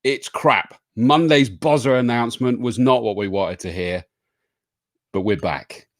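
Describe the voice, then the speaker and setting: A man's voice: mid-range voice, measured pace, dry recording, studio quality. A man hosting a live online show, greeting viewers by name and joking with his co-host. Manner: jokey, greets viewers by name, laughs often. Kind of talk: casual live show chat.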